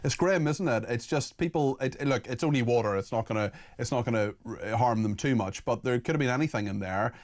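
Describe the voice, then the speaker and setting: Earnest Northern Irish radio host. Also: male voice, medium pitch, brisk, hardly any pauses. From Northern Ireland. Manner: earnest, apologetic, reads listener messages aloud. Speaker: radio talk show host. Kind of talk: phone-in talk radio.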